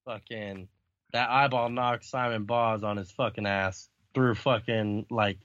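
A man's voice: on the low side, fairly even intonation, a little slow, fairly bright tone, no room sound, lo-fi sound. A man casually chatting about a comic book, swearing often and laughing along. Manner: profane, laid-back, laughing often.

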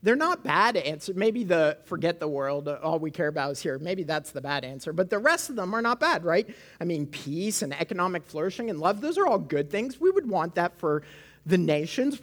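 A woman from Canada, preaching a sermon in church on a microphone, talking conversationally and often checking in with "right?". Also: fairly low pitch. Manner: conversational, frequent "right?" asides to the congregation. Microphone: amplified microphone.

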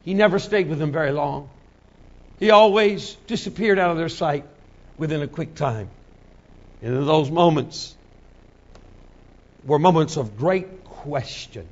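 A man pastor preaching a sermon dramatically, dropping to a hush and building up to shouts. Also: a little high, dull audio. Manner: dramatic, swings from hushed to shouting.

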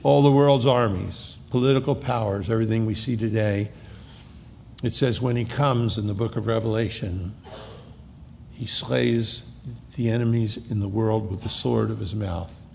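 A middle-aged man preaching a verse-by-verse sermon, reading scripture slowly and explaining it emphatically. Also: fairly low pitch, steady tone, gravelly, darkish tone, in a large hall, a little hiss or hum. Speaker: pastor. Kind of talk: verse-by-verse Bible teaching sermon.

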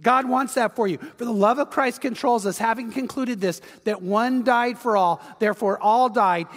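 High-voiced animated male pastor. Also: normal speed, hardly any pauses, in a large hall. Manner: animated storytelling, acts out quotes, urges the audience. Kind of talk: sermon.

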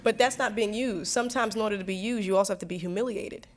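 A woman's voice: medium pitch, fast. A woman from New Jersey, a singer and songwriter being interviewed, telling stories earnestly with frequent restarts and laughs. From New Jersey, USA. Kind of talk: reflective conversational storytelling.

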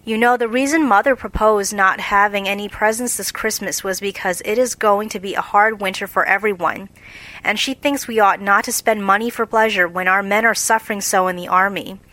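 A woman's voice: medium pitch, fairly quick, pushed and bright, lightly acted, rough recording. A woman reading an audiobook, voicing a wistful, complaining young woman, the eldest sister, in a sighing, plaintive way.

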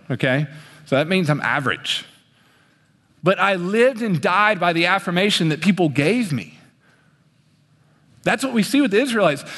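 A young male preacher with a high voice delivers an animated sermon from a stage. His pitch swings as he acts out quoted voices. A long reverb trails each phrase. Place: on a stage in a large hall.

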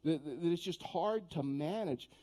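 A man's voice: fairly high pitch, normal speed, dark tone. A man preaching a sermon in a conversational way, telling stories and often repeating words as he starts a sentence. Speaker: pastor. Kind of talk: sermon with storytelling.

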